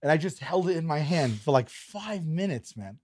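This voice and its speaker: A man telling a story as a podcast guest, animated, acting out his quotes and sometimes dropping to a whisper. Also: a little high, moderate pace, no room sound, studio quality. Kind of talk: casual storytelling.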